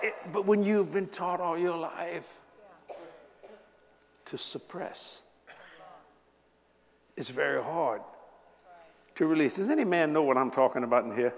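Guy in his 70s preaching, slightly high voice, swoops up and down a lot, laughs and yells, echoey hall. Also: unhurried, pauses often. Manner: animated, laughing, bursts of shouting. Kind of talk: sermon with personal storytelling.

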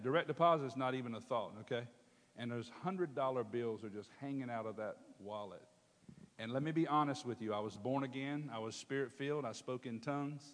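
A man preaching a storytelling sermon, animated and calling out to his congregation. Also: mid-range voice. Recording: long hall reverb.

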